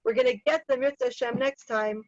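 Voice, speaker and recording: A woman teaching a casual Torah lesson, chatty and lively, tossing in Hebrew terms and quick asides. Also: on the high side, no echo, dull audio. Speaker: Bible teacher.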